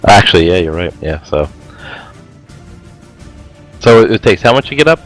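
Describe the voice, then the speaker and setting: A man's voice: deep voice, sing-song, normal speed, a bit bright, faint music behind. A man playing a tabletop game, chatting casually and questioning the rules. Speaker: player.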